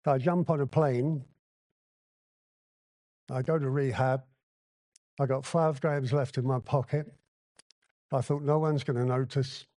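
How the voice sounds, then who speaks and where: A man from Hong Kong shares his recovery story at a convention, speaking in a convention hall with a medium-pitched, steady, warm voice. He's unhurried and leaves long pauses, telling it bluntly and candidly and acting out the dialogue, with no room sound.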